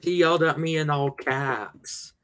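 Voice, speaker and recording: A man's voice: a little high, steady tone, a little slow, fairly bright tone, smooth. A man hosting a casual stream chat, replying tersely and agreeing a lot. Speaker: stream host.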